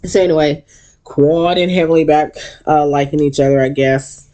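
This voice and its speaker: A casual reality-show recapper talking at a middle pitch. The delivery is blunt and profane, loaded with ums and uhs. Quotes from the cast come out in sudden high put-on voices. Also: moderate pace. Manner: blunt, profane, animated retelling with many fillers.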